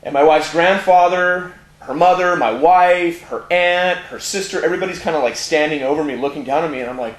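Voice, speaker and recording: A man's voice: on the high side, brisk, few pauses. A middle-aged Californian man, a tattoo parlor owner, candidly telling his life story in an interview with many fillers. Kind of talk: personal testimony in conversation. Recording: echoey room, faint noise.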